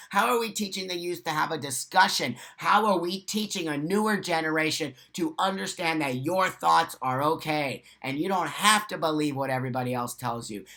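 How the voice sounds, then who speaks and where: A man's voice: high-pitched, pushed and bright. An American man hosting a live morning chat, reading viewer comments and answering in blunt, profane rants. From United States. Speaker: livestream host.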